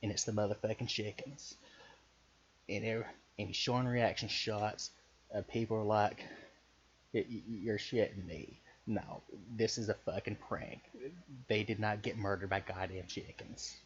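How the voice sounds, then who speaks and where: Man, Southern US accent, lowish voice, rambling casual storytelling, profane, hesitant, slightly muffled recording. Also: flat delivery, moderate pace, slightly rough. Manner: loose, profane, hesitant, with many fillers. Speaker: podcaster pitching a story idea. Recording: muffled recording with faint hiss.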